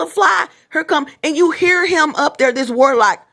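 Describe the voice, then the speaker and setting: A very high, gravelly and slightly bright voice with lively intonation belongs to this middle-aged woman, who speaks at a measured pace. She vlogs in a rambling, repetitive monologue directly to viewers, restarting often.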